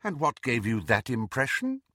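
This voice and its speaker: A man voicing a stern, sharp-tongued older female professor with a clipped, scornful delivery. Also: mid-range voice, wildly swooping pitch, moderate pace, dry recording, studio quality.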